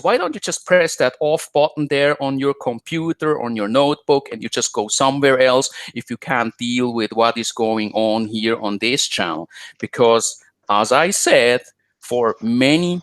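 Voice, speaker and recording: A man's voice: mid-range voice, no room sound. Combative man hosting a live talk show. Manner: combative, rambling with many fillers. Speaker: host.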